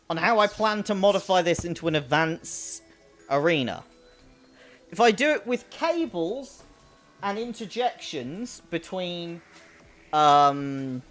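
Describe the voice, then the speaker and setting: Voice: mid-range voice, a bit bright. A young adult streamer with a childlike, babyish voice, chatting playfully while commenting on a game. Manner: playful, chatty, reads out chat. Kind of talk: casual live gameplay commentary.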